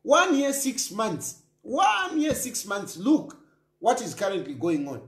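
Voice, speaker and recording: A man's voice: sits high, sing-song, takes it slowly, echoey room. A Zambian man hosting a political talk show, giving emphatic commentary and repeating his points. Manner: emphatic, repeats phrases, mixes in local language.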